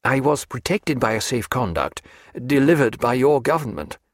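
An unflappable naval doctor , voiced by a male narrator, answers with dry, precise formality. His pitch moves a good deal, and the sound is close and dry. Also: sing-song, normal speed, no room sound. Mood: composed. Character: composed, evasive naval doctor, man.

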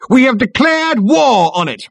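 A man's voice: extremely high pitch, very animated, brisk, vocal fry, slightly rough, no room sound, voice pushed up, full character voice. A man voicing a bellowing, eager male soldier who barks military reports. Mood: barking eager. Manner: barked, shouted military reports.

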